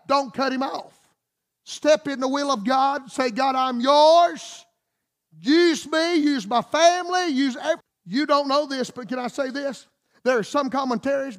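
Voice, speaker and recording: A man's voice: extremely high pitch, fairly bright tone. A man preaching a fervent sermon with emphatic, rhythmic repetition.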